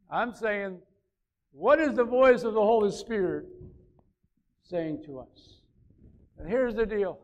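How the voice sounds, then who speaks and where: A man's voice: high voice, slow, pauses often, dull audio. A man preaching a conversational sermon, repeating phrases and rising to emphatic peaks. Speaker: pastor.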